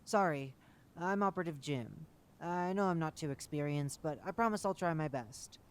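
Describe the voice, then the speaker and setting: A man's voice: fairly high pitch, normal speed, clear, resonant tone, lightly acted. A man voicing a clumsy, jumpy young male field operative who stammers and apologizes. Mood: eager nervous.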